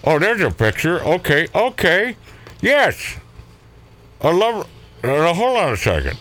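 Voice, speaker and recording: Rambling, animated talk radio host. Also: male voice, a little high, slow. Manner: rambling, joking, laughs often. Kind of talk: casual talk radio banter.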